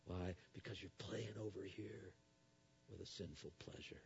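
A male pastor preaching a sermon, swinging between soft low lines and loud raised appeals. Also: fairly even intonation, moderate pace, creaky, husky, muffled recording.

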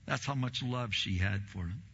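A man preaching a sermon, acting out quoted voices with big swings in pitch and loudness. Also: moderate pace, muffled recording, a little hiss or hum. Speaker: pastor.

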